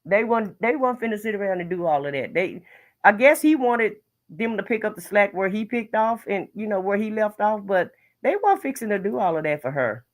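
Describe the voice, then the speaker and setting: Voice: mid-range voice, animated, fairly quick. A casual livestream host who reads viewer comments aloud and reacts with blunt opinions, often restarting words mid-sentence. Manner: frequent restarts and repeated words. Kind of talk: casual live chat commentary.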